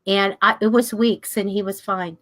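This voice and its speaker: An older woman teaching a class, telling stories in a chatty, animated way and jumping high in pitch when she acts out the people she quotes. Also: normal speed. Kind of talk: casual storytelling to a class.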